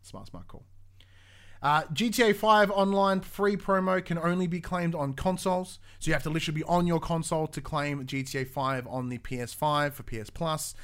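A young man co-hosts a casual gaming news show, his voice sitting a little high for a man. He talks in an animated rush, swears freely and often restarts his sentences. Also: moderate pace, clean tone. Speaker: podcast co-host.

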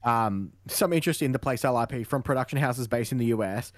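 Man, mid-pitched, dry close sound, reads gaming news with some ums. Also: fast, no room sound. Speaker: podcast co-host. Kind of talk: casual gaming news chat.

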